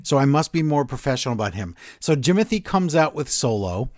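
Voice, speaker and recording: A man's voice: medium pitch, big pitch swings, a little fast, no echo, studio quality. A man co-hosting a wrestling podcast, ranting in an exasperated, sarcastic way in casual chat. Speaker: podcast co-host.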